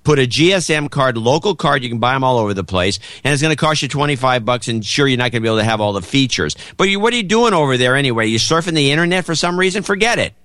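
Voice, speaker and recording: A man's voice: medium pitch, very animated, quick pace, few pauses, fairly bright tone, no room sound, studio quality. A man co-hosting a casual podcast, giving blunt, emphatic advice. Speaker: podcast co-host. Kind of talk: casual chat.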